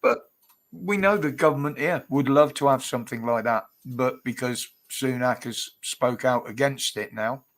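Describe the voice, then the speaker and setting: A man's voice: mid-range voice, normal speed, fairly bright tone. A man hosting a casual livestream chat, rambling, laughing and cheeky. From United Kingdom. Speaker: livestream host.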